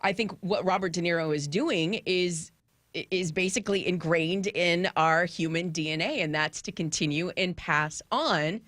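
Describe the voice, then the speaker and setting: A woman's voice: lowish voice, moderate pace, a bit bright, no echo, clean studio sound. A woman in her fifties co-hosting a radio show, chatting casually and often restarting her sentences. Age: 50s. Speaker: radio co-host.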